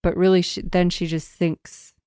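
A woman recapping a book in casual chat, sarcastic and quick to act out the characters in little voices. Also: on the low side, little pitch movement, mellow, smooth, no echo, studio quality. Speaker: book discussion co-host.

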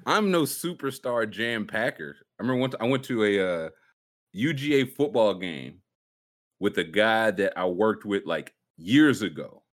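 A man chatting on a podcast with a lively, bouncing delivery. He jokes around constantly and slips into silly voices while telling stories. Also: fairly low pitch, moderate pace. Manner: animated joking, puts on silly voices. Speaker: podcast host. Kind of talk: casual chat.

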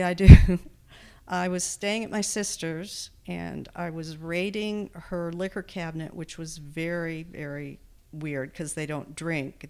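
Retired Texan grandmother, lowish voice. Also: warm tone, smooth. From Texas. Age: older. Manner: candid, self-deprecating, easy laughs. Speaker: podcast guest. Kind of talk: interview conversation.

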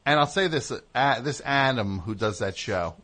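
A man hosting a comedic call-in show, teasing guests and callers with rapid-fire riffs. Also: mid-range voice, expressive, fairly bright tone. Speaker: radio show host.

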